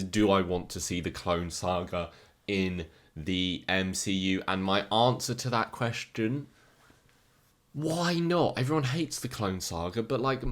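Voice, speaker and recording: A man with an English accent giving casual, jokey commentary as a video host, swinging between excitement and deadpan remarks. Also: lowish voice. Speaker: YouTuber ranking comic villains.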